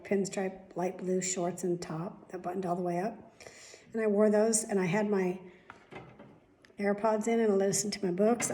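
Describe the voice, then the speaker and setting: Mellow-voiced chatty woman vlogger. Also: mid-range voice, a little hiss or hum. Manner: rambling, chatty and candid, with casual swearing. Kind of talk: casual daily vlog chat.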